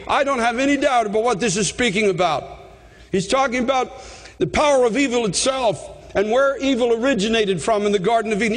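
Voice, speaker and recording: A man preaching a fervent sermon, often repeating himself and rising to shouts. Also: extremely high pitch, in a large hall.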